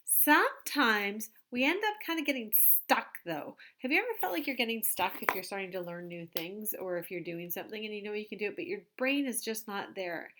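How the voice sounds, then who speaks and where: A woman teacher talking gently and expressively to young children in a recorded lesson. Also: fairly high pitch. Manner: gentle and expressive, acting out a child's feelings in quotes.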